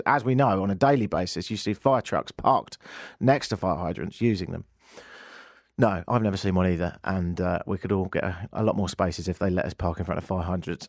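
A man hosting a radio show, telling a joking story in an animated way from a studio. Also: fairly low pitch, no echo. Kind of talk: comic radio monologue.

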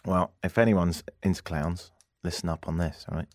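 A man hosting a radio talk show, telling a story in a casual, animated way and acting out the people in it. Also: deep voice, normal speed, no room sound, clean studio sound. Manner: animated storyteller, acts out quoted voices. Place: radio studio.

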